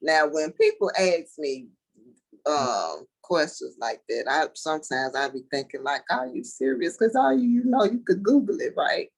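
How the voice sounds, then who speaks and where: A woman's voice: sits low, sing-song, moderate pace, poor audio. Candid, easy-laughing real estate agent woman. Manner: candid, laughs easily, explains plainly. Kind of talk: casual interview chat.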